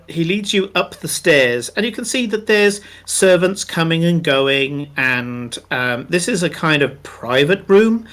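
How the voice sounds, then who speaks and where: Slow, bright-voiced game master. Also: male voice, on the high side, expressive. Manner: descriptive, unhurried, many fillers. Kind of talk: narrating a tabletop game.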